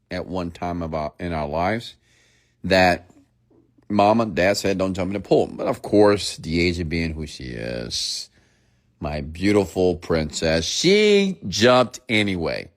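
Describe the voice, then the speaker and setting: A middle-aged man giving a playful late-night motivational rant as a speaker, now and then mimicking people for effect. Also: sits low.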